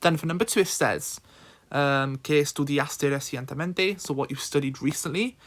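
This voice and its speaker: A man's voice: a little high, normal speed, a bit bright. A man tutoring in a casual screen-recorded lesson, thinking aloud with frequent ums.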